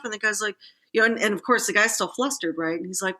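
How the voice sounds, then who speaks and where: She talks fast with a medium-pitched voice, co-hosting an easygoing podcast chat. Storytelling is her mode, heavy on fillers and acted-out quotes delivered with animation.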